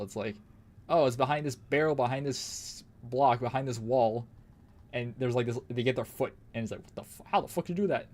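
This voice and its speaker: A young man talks over his gameplay in a loose, rambling way, peppering every thought with curses. His voice sits at an ordinary middle pitch, and he laughs easily between remarks. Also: a little mellow. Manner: rambling, profane, laughs often. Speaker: streamer. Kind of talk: casual gaming commentary.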